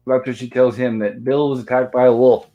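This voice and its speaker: A man's voice: medium pitch, flat delivery, brisk, warm tone, lo-fi sound. Guy hosting a movie review stream, chatty, narrates every scene and reads the lines out. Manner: narrates scenes step by step, reading out dialogue. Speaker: host of a movie review livestream. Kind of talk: casual movie recap.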